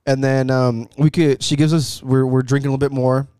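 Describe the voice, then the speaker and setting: A man's voice: medium pitch, brisk, clean tone, no room sound, studio quality. A young man telling a story in casual chat, acting out the people in it with lots of swearing. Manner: animated, acts out quotes with swearing.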